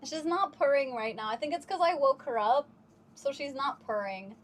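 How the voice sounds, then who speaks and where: A woman's voice: high voice, normal speed. A woman streaming live from home on a wireless mic, chatting casually and giggling as she coos baby talk to her cat.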